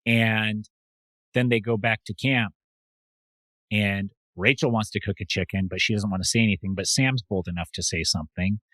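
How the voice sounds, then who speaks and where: A man hosting a podcast, chatting casually in a relaxed, agreeable way. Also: fairly low pitch, normal speed, dry recording. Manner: relaxed, agreeable, lots of "yeah". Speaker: podcast host. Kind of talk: casual chat.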